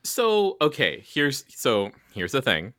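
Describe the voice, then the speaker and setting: A man's voice: mid-range voice, huge pitch swings, slow, sharp tone, no room sound, studio quality. A man co-hosting a podcast, joking and talking earnestly in casual chat. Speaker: podcast co-host.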